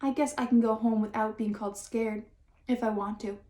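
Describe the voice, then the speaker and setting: A woman reading aloud and voicing a wary young boy who talks in hushed warnings and defensive retorts. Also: fairly high pitch, fairly even intonation, brisk, natural voice. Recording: roomy echo.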